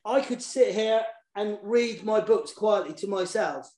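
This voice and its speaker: A man's voice: high voice, unhurried, reverberant. A man, a children's poet and author, talking casually and eagerly in an online session, often repeating words as he goes. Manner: warm and enthusiastic, repeats words while searching for them.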